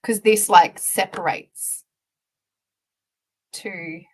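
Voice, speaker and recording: A woman's voice: medium pitch, fairly even intonation, extremely slow, rough recording. A woman co-hosting a casual live stream from a video call, with a mid-range voice. She is giggly and self-conscious as she chats and explains things.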